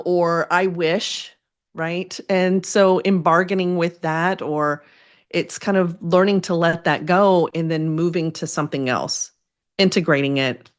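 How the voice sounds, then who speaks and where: Candid low-voiced woman therapist. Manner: open and emotional, self-deprecating. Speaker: guest, therapist and first responder spouse. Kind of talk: candid interview conversation.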